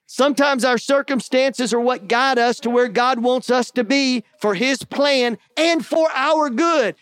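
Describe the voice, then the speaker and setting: A man's voice: very high-pitched, fairly bright tone, no echo. A man preaching a sermon in a folksy, conversational way, often tossing in "man" and "right?". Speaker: pastor.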